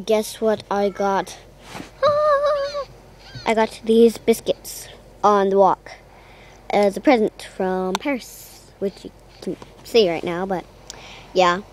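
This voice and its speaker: A young girl casually commentating her pet game, rambling and chatty, cooing in a high voice at her puppy. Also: darkish tone, a little hiss or hum, low-quality recording. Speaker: gaming vlogger.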